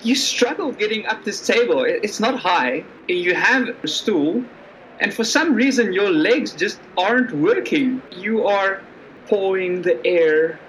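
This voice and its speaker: A woman narrating as game master of a tabletop game in a lively, playful way with wide pitch swings. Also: unhurried, a little hiss or hum, low-quality recording.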